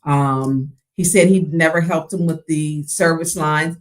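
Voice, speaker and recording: A woman's voice: deep voice, steady tone, measured pace. A woman hosting a call-in talk show, friendly and laughing but firm about keeping time. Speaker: host.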